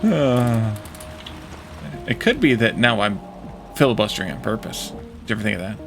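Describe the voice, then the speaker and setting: A man's voice: on the low side, lively intonation, normal speed, over music. A man streaming a factory-building game, chatting casually with viewers, joking and fumbling over how to say foreign words. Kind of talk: casual gameplay commentary with chat.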